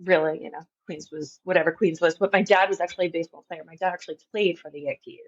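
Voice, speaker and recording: A woman's voice: fairly low pitch, steady tone, fast, highs cut off. A woman from Long Island with a faint New York accent, chatting as a podcast guest, laughing often and saying "like" a lot. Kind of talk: casual interview chat.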